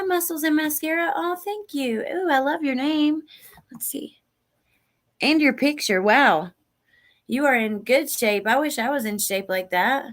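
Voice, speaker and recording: A woman's voice: high voice, fairly bright tone. Chatty woman livestream host. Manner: chatty, greets viewers by name, repeats clip lines. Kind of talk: casual livestream commentary.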